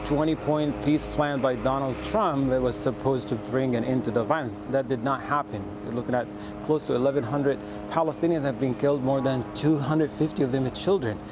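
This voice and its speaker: A male field correspondent reports live outdoors, pausing often with fillers and restarts. His mid-pitched voice comes over a noisy line with a drone and street sounds behind. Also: fairly even intonation. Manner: halting, many restarts and fillers. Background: drone and street noise.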